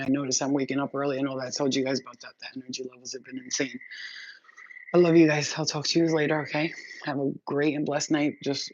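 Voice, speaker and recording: A woman's voice: rumbling low, a little hiss or hum. A middle-aged woman vlogging to her viewers in a casual, blunt chat, swearing freely as she talks on. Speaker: spiritual reader and vlogger. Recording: dull lo-fi audio.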